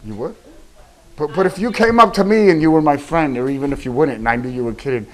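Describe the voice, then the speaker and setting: A man filming casual street interviews on a campus, asking loud, teasing, goading questions. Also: on the high side, fast.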